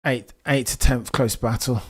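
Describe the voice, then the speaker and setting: A young man with a Birmingham accent, hosting a live race watchalong stream in a chatty, excitable way, answering viewers as he goes. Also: mid-range voice, a little slow. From England. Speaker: livestream host. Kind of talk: casual live race commentary.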